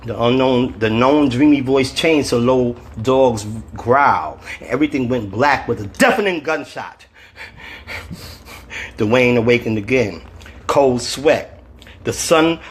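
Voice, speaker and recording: A man's voice: mid-range voice, slight background noise. A man, an author, reading from his novel on a phone livestream and chatting casually with viewers in slangy talk. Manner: casual, slangy, chuckling often.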